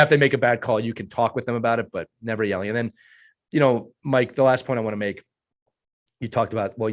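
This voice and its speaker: Emphatic man with a low voice. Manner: emphatic, tags points with "right?" and "all right?". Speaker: podcast host. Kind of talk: casual chat.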